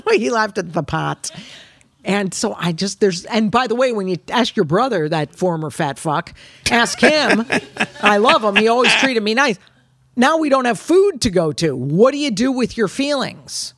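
A woman comedian as a podcast guest, chatting in a brash, expressive way, laughing often and swearing. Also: medium pitch, moderate pace, no room sound. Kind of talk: casual chat.

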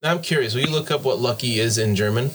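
A man hosting and running a tabletop role-playing game in casual chat, easygoing and quick to laugh. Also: medium pitch, a little hiss or hum. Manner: easygoing, laughs often, reads out lists. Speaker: game master and host.

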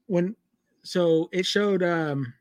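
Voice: medium pitch, drawn-out words, no echo. Easygoing podcast co-host recapping. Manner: easygoing, laughs often, walks through the episode. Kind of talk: casual chat recapping a TV episode.

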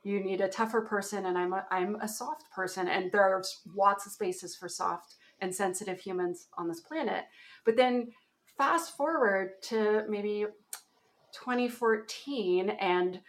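A woman's voice: mid-range voice, moderate pace. Chatty Canadian woman in her forties. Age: 40s. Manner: chatty, laughs often, lively storytelling. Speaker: guest, application security author. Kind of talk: casual interview chat.

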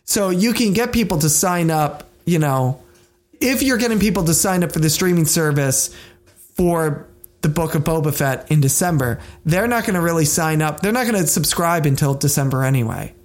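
A podcast co-host talking casually in a rambling, animated way. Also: medium pitch, moderate pace.

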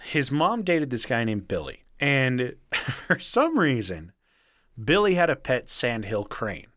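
Bright, lively man telling funny stories. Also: slow pace, no echo, studio quality. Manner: animated, laughing, acts out quotes in a shrill voice. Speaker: podcast co-host. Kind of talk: casual storytelling chat.

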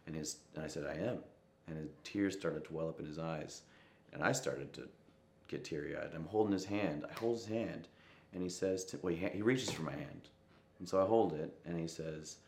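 A young musician being interviewed shares a personal memory in a very deep, low, gravelly voice at normal speed. He reflects thoughtfully, dropping into soft quoted asides, while echo fills the room and a faint hiss or hum sits in the recording.

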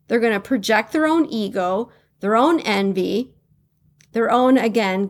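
Blunt, animated woman podcast host. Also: a little high. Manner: candid and blunt, acts out what others say, laughs often. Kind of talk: motivational solo podcast talk.

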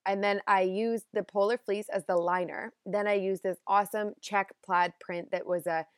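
A woman's voice: medium pitch, steady tone, normal speed, clean tone, dry recording, clean studio sound. Chatty woman telling a story. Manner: chatty, self-deprecating, laughs at herself. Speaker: podcast host. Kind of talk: casual storytelling monologue.

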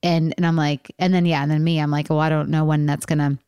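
Low-voiced rambling woman podcast host. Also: flat delivery, fast, dark tone, clear, resonant tone, no room sound. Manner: rambling, many fillers and restarts. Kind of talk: candid casual chat.

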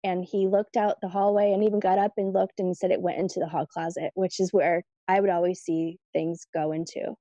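A woman guest telling stories in a casual interview, chatty and lively when she quotes her family. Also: lowish voice, fairly quick, few pauses, no room sound, muffled recording. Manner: chatty, animated when quoting family, laughs easily.

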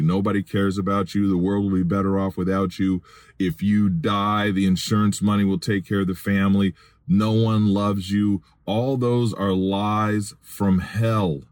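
A middle-aged man with a very low voice, preaching on his podcast while sitting in his car. He pleads earnestly with listeners and lifts his voice into emphatic appeals. The sound is close and dry, with no room around it. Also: a little mellow, dry recording. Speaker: podcast host and Christian minister. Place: in a vehicle.

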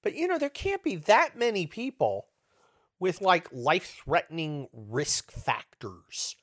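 A man in his fifties hosting a show, delivering a profane, sarcastic comedic rant that swings between loud outbursts and low muttering. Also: big pitch swings, a little slow, dry recording, clean studio sound. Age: 50s. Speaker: host.

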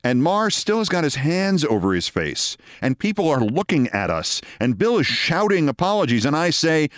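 An older man in his sixties spins a wry, theatrical anecdote as host, his pitch swinging lively up and down. The recording is dry and close, with no room around him. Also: moderate pace, few pauses, no echo. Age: 60s. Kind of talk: personal storytelling.

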